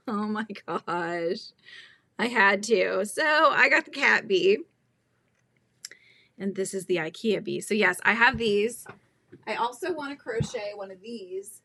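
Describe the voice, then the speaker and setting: A woman's voice: medium pitch, lively intonation, a little slow, pushed and bright. A middle-aged woman hosting a crochet livestream, chatting casually, giggling and reading the chat aloud.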